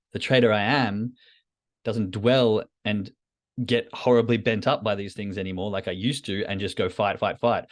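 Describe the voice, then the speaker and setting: A man hosting a podcast, talking candidly and self-critically to a live chat, often repeating phrases for emphasis. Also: fairly low pitch. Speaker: trading podcast host. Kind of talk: reflective solo talk to a live chat.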